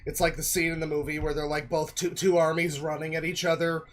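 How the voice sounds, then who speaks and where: A man's voice: on the high side, flat delivery, fairly quick. A male streamer giving casual, rambling reaction commentary full of jokes and fillers. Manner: rambling, joking, many fillers.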